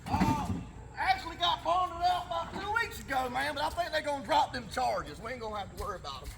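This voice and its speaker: A man's voice: very high voice, expressive, fast talker, vocal fry, heavily acted. A man playing a shady bumbling tree guy. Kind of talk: comic ad skit. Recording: outdoor noise, distant mic.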